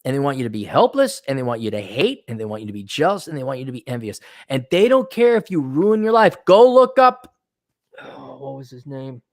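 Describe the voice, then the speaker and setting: A man's voice: mid-range voice, very animated, fairly quick, no room sound, clean studio sound. A middle-aged man giving a blunt, sarcastic opinion monologue as a commentator. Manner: sarcastic and blunt, mocks in put-on voices. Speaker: commentator reading and reacting.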